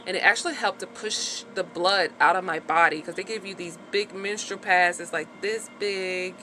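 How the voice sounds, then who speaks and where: A woman's voice: on the low side, fairly even intonation, normal speed, bright, forceful tone, slight background noise. A woman talking frankly in a casual personal vlog, chatty and full of "like" fillers, with the odd swear word. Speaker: vlogger sharing her recovery after birth.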